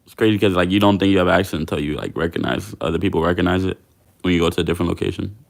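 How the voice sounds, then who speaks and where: A man's voice: sits low, fairly even intonation, very fast, gravelly. A young man hosting a fitness livestream, chatting casually with viewers in a slangy, laid-back way.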